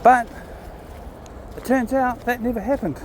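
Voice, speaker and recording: A man talking casually and reflectively while walking his dog in a park, sometimes calling out loudly to it. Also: very high voice, a little slow, background noise. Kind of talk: casual outdoor vlog narration. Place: outdoors in a park.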